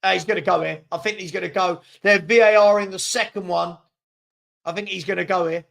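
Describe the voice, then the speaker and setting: A man's voice: high-pitched, fairly even intonation, a little fast, creaky, fairly bright tone. A man hosting a live football watchalong, reacting to the match and answering viewers' chat with frequent chuckles. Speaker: host of a football fan watchalong.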